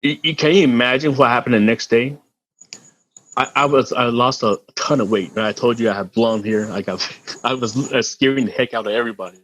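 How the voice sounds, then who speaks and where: Husky middle-aged man telling a story. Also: mid-range voice, fairly quick, no room sound, rough recording. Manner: animated, laughing, swears freely, repeats words. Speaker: podcast guest. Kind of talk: casual storytelling.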